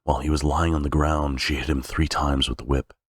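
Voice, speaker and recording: A man with an extremely deep voice sight-reads a novel aloud. He halts now and then, fixing slips and restarting phrases. The recording is dry and close. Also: level tone, a little fast, dry recording. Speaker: reader. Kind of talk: unrehearsed novel reading.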